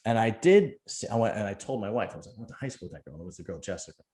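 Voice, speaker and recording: Guy hosting a podcast, lowish voice, rambles and jokes around. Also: very fast. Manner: rambling storyteller, lively and joking. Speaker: podcast host. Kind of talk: casual chat.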